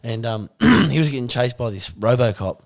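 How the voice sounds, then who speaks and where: A man's voice: medium pitch, expressive, normal speed, gravelly. An Australian man chatting and telling stories in casual banter, swearing and laughing into his punchlines. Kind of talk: casual chat.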